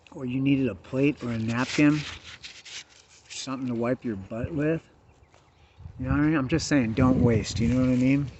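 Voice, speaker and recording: A man vlogging outdoors on a hillside, talking in laid-back stoner slang, swearing and saying dude a lot. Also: mid-range voice. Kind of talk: casual outdoor vlog. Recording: dull lo-fi sound with background noise.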